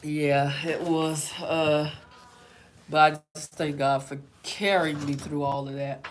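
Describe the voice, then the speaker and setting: A woman's voice: low voice, level tone, slow, noisy background. Chatty woman. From Oklahoma, USA. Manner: chatty and rambling, acting out quotes. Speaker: self-care vlog host. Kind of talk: casual chat with live viewers.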